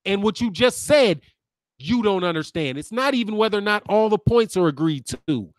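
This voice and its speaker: A lawyer in his fifties who hosts a boxing channel rants back at viewers, hurling combative, sarcastic insults. His high voice is expressive and moderately paced, recorded in studio quality with no echo.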